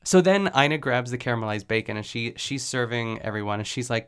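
A man hosting a podcast, chatting casually and rambling with lots of "like" fillers and quick laughs as he recaps a cooking show. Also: medium pitch, wildly swooping pitch, a bit bright. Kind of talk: casual chat.

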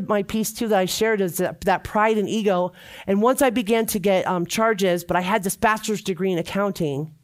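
A middle-aged woman shares her personal testimony before a church gathering. Her voice sits at an ordinary middle pitch, and she speaks earnestly and from the heart, often repeating phrases for emphasis. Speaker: church member giving testimony.

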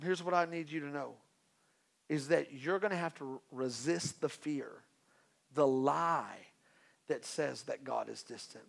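A man preaching a sermon in a conversational way, with joking asides and swings from quiet to loud. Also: a little high, unhurried, vocal fry. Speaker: pastor.

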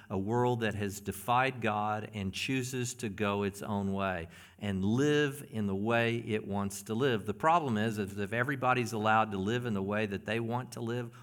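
A man preaching a sermon as pastor, earnest and often hushed, building into emphatic passages. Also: lowish voice.

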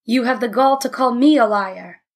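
A woman reading a blunt, hot-tempered father. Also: a little high. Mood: angry. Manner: blunt, quick to anger. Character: stubborn proud middle-aged male father.

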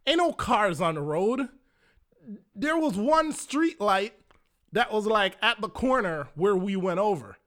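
A young Jamaican man telling a wild story in a casual, profane, animated way. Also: sits high. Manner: animated, profane, acts out his own panicked lines.

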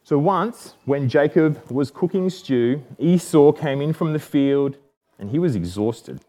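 A man's voice: a little high, expressive, unhurried, dark tone. A man with an Australian accent giving a casual, jokey Bible lesson, often correcting himself. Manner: chatty and jokey, self-correcting.

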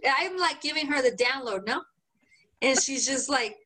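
A podcast co-host tells a story in casual, profane chat, animatedly acting out what people said. Her voice is a little high and her pace moderate.

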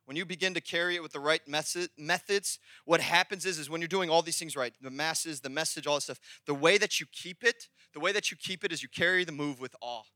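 A man preaching a sermon as pastor, animated and conversational, shouting at the high points. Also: quick pace, few pauses, no echo, studio quality.

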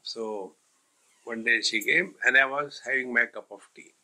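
A man's voice: mid-range voice, normal speed, sharp tone, rough recording. A man, a swami giving a humorous spiritual discourse that he fills with stories, jokes and Hindi sayings. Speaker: swami teaching a spiritual text.

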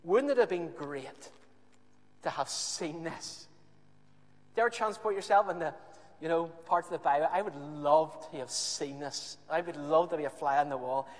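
A man delivers a sermon, telling a scripture story with emphatic, animated repetition. His voice sits high for a man. It rings out in an echoey hall. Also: normal speed. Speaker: preacher.

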